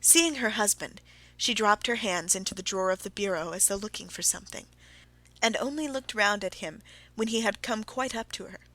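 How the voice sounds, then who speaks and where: Bright-voiced woman audiobook narrator. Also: medium pitch, a little fast, no room sound. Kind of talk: classic novel narration.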